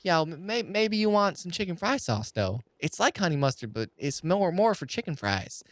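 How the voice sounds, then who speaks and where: A man voicing a chummy fast food cashier woman. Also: high-pitched, big pitch swings, a bit bright, no echo, pitched above the performer's own voice. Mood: helpful.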